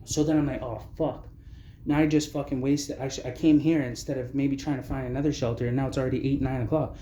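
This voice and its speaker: In this angry personal testimony, a man from Canada talks about being homeless in a blunt, agitated way laced with profanity. He speaks fast at a medium pitch, level and mellow, in an echoey room on a lo-fi recording with slight hiss or hum.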